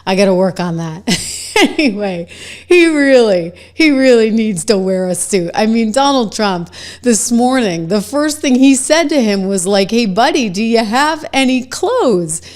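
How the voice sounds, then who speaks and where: A woman with a New Hampshire accent hosting a political commentary show, brisk and wry with chuckling asides. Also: fairly high pitch, animated. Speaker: show host.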